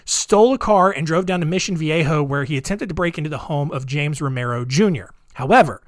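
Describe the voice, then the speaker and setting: A man's voice: fairly high pitch, fairly bright tone, no room sound, clean studio sound. A man hosting a podcast, telling a true-crime story in a rambling, jokey way full of asides. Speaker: podcast host.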